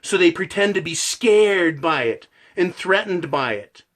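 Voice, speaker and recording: Guy ranting hard, loud and passionate, swears a lot, voice a bit high. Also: expressive, a little slow. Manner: forceful, passionate, profane. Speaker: channel host. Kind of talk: ranting monologue.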